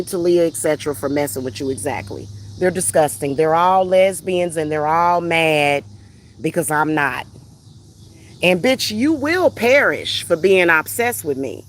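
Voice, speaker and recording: A spiritual reader hosting a livestream, this woman has a fairly low, slightly bright voice with a little hiss or hum. She reads her chat's comments aloud and fires back in a heated, profane, confrontational rant.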